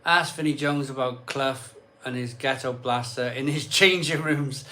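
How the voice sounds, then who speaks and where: A man's voice: medium pitch, measured pace, hardly any pauses, bright, forceful tone. Chatty man hosting a live stream. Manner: rambling, repeats himself, chatty. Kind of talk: casual live chat reading comments. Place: cold home conservatory bar.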